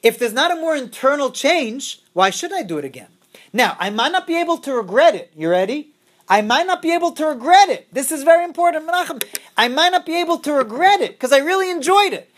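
A woman's voice: high-pitched, sing-song, brisk. A woman teaching a religious class, quizzing her students and repeating her key phrases over and over.

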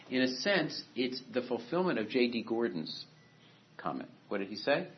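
Speaking briskly and with lots of animation, this man gives a classroom lecture that drifts through tangents and false starts. His voice is mid-range, and a faint hiss or hum sits under a muffled, dull recording made from afar in an echoey room.

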